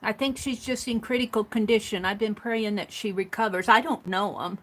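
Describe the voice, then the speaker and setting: A woman's voice: medium pitch, steady tone, normal speed, a bit bright. A woman hosting a livestream, chatting casually while crafting, talking to herself and laughing easily. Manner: chatty, talks to herself and reads viewer comments aloud; frequent restarts and fillers, laughs easily.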